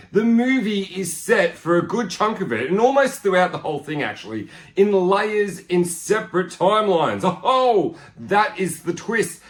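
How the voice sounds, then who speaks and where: A young man hosting a podcast, chatting excitedly through a casual film review and acting out lines from it. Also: sits high.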